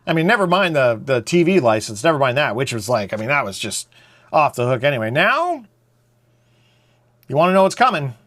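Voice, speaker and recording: A man's voice: mid-range voice, sing-song, fairly quick, fairly bright tone. A man, hosting a casual, opinionated monologue in a blunt, rambling way. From Canada. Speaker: show host.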